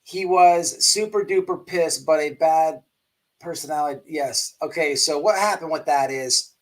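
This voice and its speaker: A man's voice: on the high side, a little slow. A man hosting a livestream commentary show, rambling and emphatic with many restarts. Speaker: host.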